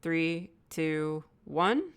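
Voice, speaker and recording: A woman running a tabletop role-playing game as game master, chatty and relaxed, thinking aloud as she explains the rules. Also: low voice, very slow, clear, resonant tone.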